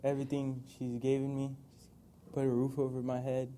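A man's voice: medium pitch, monotone, fairly quick, warm tone, slight background noise. A young man giving a hesitant thank-you to his mother in front of a group. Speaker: son giving a tribute. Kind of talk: informal public speech.

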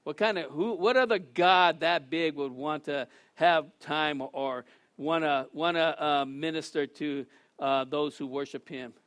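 A man preaching a casual sermon, animated, often restarting and acting out quotes. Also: fairly high pitch, measured pace, clean tone, no room sound.

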